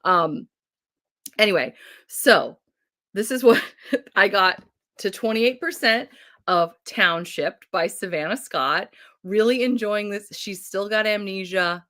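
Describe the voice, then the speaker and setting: A woman's voice: lowish voice, a bit bright. Bubbly woman chatting on a livestream. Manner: bubbly, chatty, quick to laugh. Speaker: livestream host. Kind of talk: casual livestream chat. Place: home.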